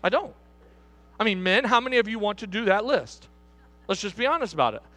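High, bright-voiced man preaching emphatically. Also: animated, fairly quick. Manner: emphatic, repeats and asks the congregation questions. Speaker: pastor. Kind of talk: sermon. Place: church hall.

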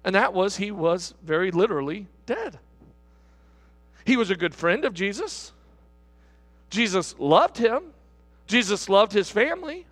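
Animated high-voiced man preaching in a reverberant hall. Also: a little slow, long pauses. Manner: animated preaching with repeated restarts and rhetorical asides. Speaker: pastor. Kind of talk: sermon.

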